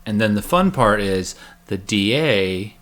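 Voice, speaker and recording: Male math lecturer, low-pitched, casual and joking while explaining step by step. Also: animated, a little slow, a bit bright. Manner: chatty, joking, walks through steps aloud.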